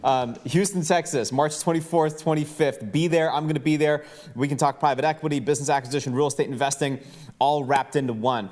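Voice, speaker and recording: A man's voice: fairly high pitch, fairly even intonation, fairly quick, a little mellow. A man hosting a podcast, talking casually with plenty of fillers and jokes. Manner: jokey, loose, lots of fillers. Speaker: podcast host.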